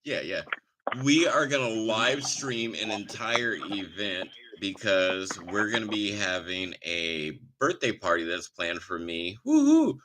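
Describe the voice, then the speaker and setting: A man's voice: fairly low pitch, measured pace, noisy background. A man in his forties hosting a podcast, tipsy and rambling, with a jokey, profane way of talking. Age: 40s. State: tipsy from drinking wine. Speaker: podcast host. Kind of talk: casual chat.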